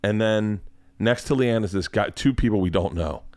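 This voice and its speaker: A man's voice: lowish voice, normal speed, darkish tone, no room sound. A man in his forties telling a comic, profane story as a podcast host.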